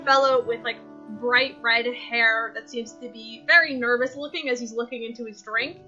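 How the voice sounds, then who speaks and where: A woman with a high voice runs a tabletop game, narrating the scene in a loose, rambling way. She pads her sentences with fillers and restarts as she goes. Music plays clearly underneath. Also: fairly even intonation, normal speed, sharp tone, highs cut off. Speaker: game master.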